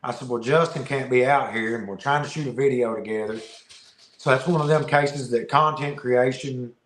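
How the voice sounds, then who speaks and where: A man guesting on a podcast, telling a fishing story in a casual, animated way, often laughing and repeating words. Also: medium pitch, moderate pace, slight background noise. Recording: roomy echo.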